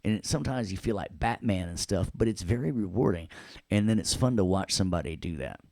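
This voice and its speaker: A man's voice: on the low side, expressive, fast talker, vocal fry, darkish tone, no room sound. A man from Tennessee with a Southern accent, teaching a casual class and joking as he goes. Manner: playful, jokey, makes sound effects. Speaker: instructor.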